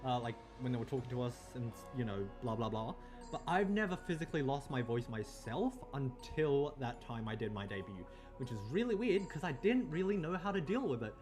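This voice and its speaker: A man's voice: medium pitch, lively intonation, a little fast, a little mellow, soft background music. Rambling young man streaming, swearing freely. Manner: rambling, swearing, stammering restarts. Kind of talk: casual chat stream.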